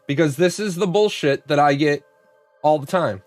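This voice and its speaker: A man hosts a casual livestream, rambling through stories and swearing often. His voice sits a bit high, and the sound is dry and close. Faint music plays beneath him. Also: moderate pace, dry recording. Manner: profane, rambling storyteller with frequent restarts. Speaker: host.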